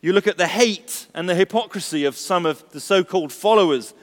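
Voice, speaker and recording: A man's voice: sits high, brisk, big-room sound. A male pastor giving a Christmas sermon, chatty and storytelling with touches of humour. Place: church service.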